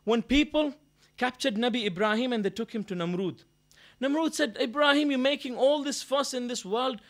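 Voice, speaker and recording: A man giving a sermon, moving between loud declaiming and quiet storytelling and reciting Arabic verses. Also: very high voice, normal speed. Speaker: preacher. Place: mosque gathering hall.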